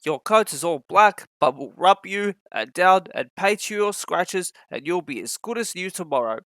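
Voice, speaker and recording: A man voicing a calm, kindly male engine driver in a storybook reading, explaining things patiently. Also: high voice, moderate pace, dry recording, clean studio sound. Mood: encouraging.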